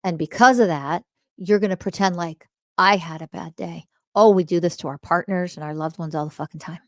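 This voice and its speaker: A woman's voice: on the low side, a little fast, no echo, clean studio sound. Blunt, swearing woman spiritual teacher. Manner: emphatic, confrontational, swears often, fires rhetorical questions; repeats key phrases for emphasis. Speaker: podcast host and spiritual teacher.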